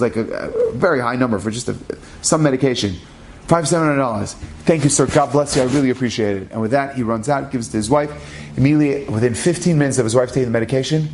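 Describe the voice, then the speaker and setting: With a mid-range voice and a little background hiss or hum, a man in a rabbi's role animatedly recounts an inspirational story. He briskly drives the plot forward, performing the dialogue and shifting from one person to the next.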